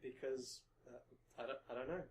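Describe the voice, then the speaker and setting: A man hosting a casual podcast chat, laid-back and halting with many ums, a little stuffy from hay fever. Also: medium pitch, steady tone, background noise. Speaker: podcast host.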